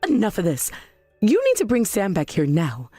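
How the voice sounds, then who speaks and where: A woman's voice: mid-range voice, wildly swooping pitch, moderate pace, dark tone, no echo, soft background music. A woman voicing an indignant, defensive middle-aged mother in a text-message story drama. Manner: indignant, demanding.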